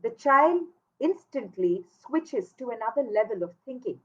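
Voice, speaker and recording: A woman's voice: fairly high pitch, lively intonation, a little slow, highs cut off. A woman giving an earnest, emphatic instructional talk to parents, repeating key words for weight. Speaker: parenting educator.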